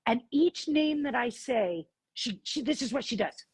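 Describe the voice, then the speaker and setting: A woman with a very husky, breathy voice set fairly high, telling a story as a podcast guest. She tells it in an animated way and acts out what each person said. The sound is dry and close. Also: unhurried, no echo. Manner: animated, acts out dialogue in her stories. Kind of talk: storytelling in an interview.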